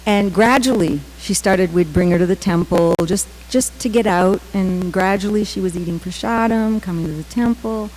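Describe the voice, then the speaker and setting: A middle-aged woman giving a temple class, telling personal stories with many "um" pauses and acted-out quotes. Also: mid-range voice, a little mellow, poor audio. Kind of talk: scripture class with personal storytelling.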